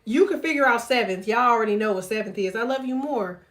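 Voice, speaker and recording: Woman, slightly high voice, tarot livestreamer, casual and foul-mouthed, laughs a lot. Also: fast talker, fairly bright tone. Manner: profane, blunt and jokey, laughs often; talks to viewers directly, reads chat aloud. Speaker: tarot reader.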